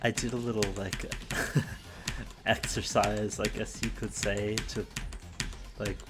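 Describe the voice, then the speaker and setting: A man's voice: fairly low pitch, little pitch movement, takes it slowly, background noise. A young man hosting his own show in a casual solo monologue, rambling and self-deprecating with many restarts, a little out of breath. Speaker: host.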